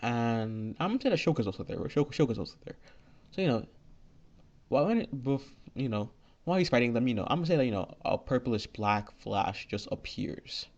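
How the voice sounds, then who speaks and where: A man's voice: mid-range voice, lively intonation, fairly quick, a little mellow. A man telling an improvised fan story in a rambling, filler-heavy way. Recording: lo-fi dull recording.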